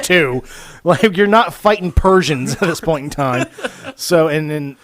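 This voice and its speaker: A man's voice: a little high, a little fast, no echo. A man hosting a casual podcast chat, telling stories animatedly with lots of swearing and acting out what people said. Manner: animated, profane, acts out quoted lines. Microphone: studio microphone.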